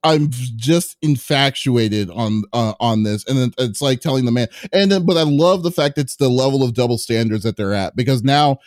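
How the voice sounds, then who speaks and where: Male podcast host, casual chat, stop-start delivery full of fillers, middle-pitched, dry close sound. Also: dry recording. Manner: halting, full of fillers and restarts, laughs often.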